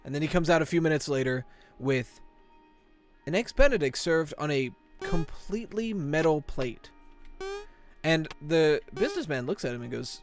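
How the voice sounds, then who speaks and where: Joking young male streamer, slightly high voice. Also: over music. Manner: joking, tells groaner puns to chat; excitable, quick yelps of frustration. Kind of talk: live-stream gameplay chat.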